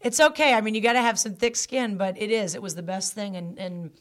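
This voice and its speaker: A woman's voice: mid-range voice, a little fast. Candid stepmother getting choked up. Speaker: stepmother guest. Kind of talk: emotional interview talk. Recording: podcast.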